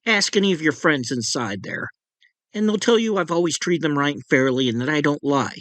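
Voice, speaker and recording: A man voicing a steady FBI agent who answers calmly and earnestly. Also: fairly high pitch, fairly quick, no room sound, clean studio sound, voice pushed up. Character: steady male FBI agent, calm, firm.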